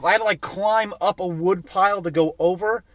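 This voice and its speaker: A man's voice: high-pitched, fairly quick, fairly bright tone, no room sound. A young man telling a funny personal story in a rambling, profane, self-mocking way. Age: young adult.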